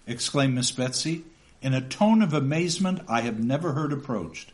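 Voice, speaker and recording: A man's voice: medium pitch, lively intonation, normal speed, fairly bright tone. A man lecturing on a novel and reading passages aloud, with chatty asides that end in "okay?".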